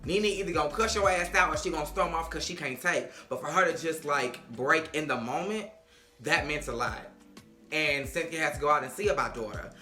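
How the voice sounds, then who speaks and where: A woman's voice: sits low, fairly quick, sharp tone. A woman recapping reality TV in a casual, blunt and sassy way, swearing freely and talking straight to the cast. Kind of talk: casual, profane TV recap vlog. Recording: echoey room, faint music.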